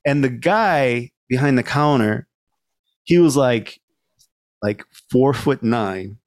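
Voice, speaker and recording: A male podcast host telling a story, his voice sitting at an ordinary middle pitch. He keeps it loose and profane and jumps into the voices of the people in the story. The sound is dry, with no room around it. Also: takes it slowly, no room sound. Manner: animated storyteller, acts out quoted people, swears freely, laughs often. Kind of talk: casual storytelling chat.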